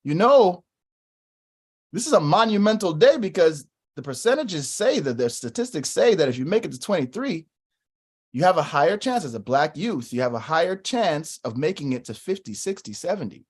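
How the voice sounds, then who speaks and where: A man's voice: a little high, very animated, normal speed, husky. A man voicing his father earnestly lecturing his grown son.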